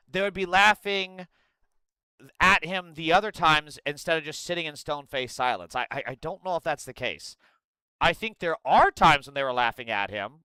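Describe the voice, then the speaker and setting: A man's voice: a little high, sharp tone, smooth, dry recording, rough recording. Profane sarcastic male streamer. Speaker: political commentary streamer. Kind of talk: live reaction stream with chat.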